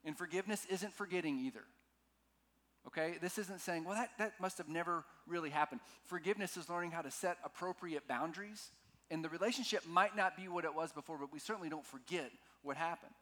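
A male pastor preaching a sermon, slowing down and swinging between loud and soft to stress his points. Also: a little high. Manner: dramatic shifts in loudness, slows for emphasis; asks the congregation to repeat lines.

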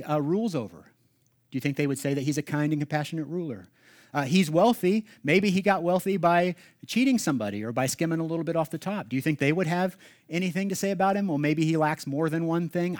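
A man preaching a sermon as pastor, conversational with humorous asides, dropping to hushed passages and rising to loud emphatic ones. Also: on the high side.

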